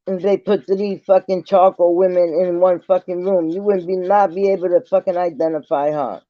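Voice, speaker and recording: A man's voice: sits high, fairly even intonation, normal speed, dry recording. A man vlogging an angry, profane rant straight to the camera, repeating himself as he confronts someone. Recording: dull lo-fi sound.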